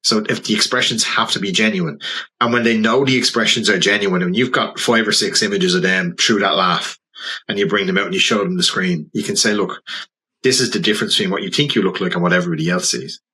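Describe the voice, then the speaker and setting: A man with a Dublin Irish accent, his voice lowish, husky and forceful. He chats casually as a podcast guest and spins animated anecdotes about his photo shoots. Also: quick pace, poor audio. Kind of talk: casual storytelling conversation.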